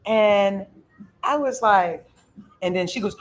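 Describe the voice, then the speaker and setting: A woman's voice: medium pitch, unhurried, rough recording. A middle-aged woman, telling a personal story as host of a casual chat, acting out the quoted voices with feeling. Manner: emotional, animated retelling with quoted voices.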